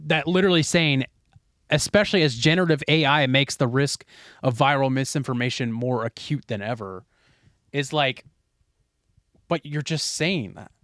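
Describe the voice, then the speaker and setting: A young man in casual podcast chat, opinionated and animated, tossing in fillers and the odd curse. His voice sits at an ordinary middle pitch. The sound is close and dry. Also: normal speed, dry recording. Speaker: podcast co-host.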